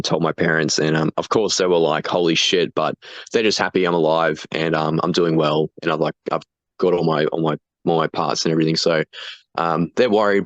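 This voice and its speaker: A man's voice: deep voice, dry recording. A young man, a guest talking casually about being wounded, laughing often and swearing freely with lots of restarts. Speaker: guest, foreign fighter. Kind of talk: casual chat.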